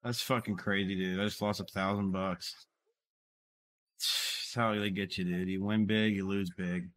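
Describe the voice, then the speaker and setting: A man streaming live, swearing a lot and yelling, with big swings between shouting and low grumbling. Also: level tone, unhurried. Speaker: livestreamer.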